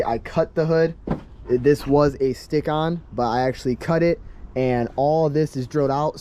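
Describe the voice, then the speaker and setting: A man giving a casual walkaround of his car outdoors, talking in a halting way with many ums and restarts. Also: mid-range voice, noisy background. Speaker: car vlogger.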